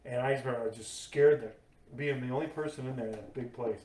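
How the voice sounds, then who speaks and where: A man's voice: medium pitch, quick pace, recorded from a distance. Podcast host guy telling a story with lots of energy, echoey room, not close to the mic. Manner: lively storyteller, acts out quoted voices. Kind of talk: casual podcast chat.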